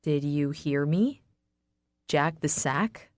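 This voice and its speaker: A blunt teenage boy who swears freely and teases his best friend, put on by a woman reading an audiobook. The lines come slowly and close to the mic, with no room around them. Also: low-pitched, no echo, pitched below the performer's own voice. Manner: curses bluntly, teasing. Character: blunt protective teenage boy, crude and teasing.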